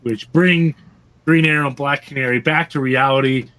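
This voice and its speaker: A man's voice: mid-range voice, fairly even intonation, normal speed, a bit bright. A man casually recapping an old comic book on a podcast, rambling with fillers and laughing as he goes. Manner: rambling, laughing, acts out characters' lines. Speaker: podcast co-host.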